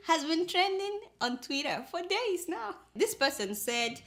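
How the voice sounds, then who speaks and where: A woman's voice: sits high, a little slow. A woman from Nigeria with a Nigerian accent, hosting a comedic commentary show and teasing her audience. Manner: lively, teasing, laughs often. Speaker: host.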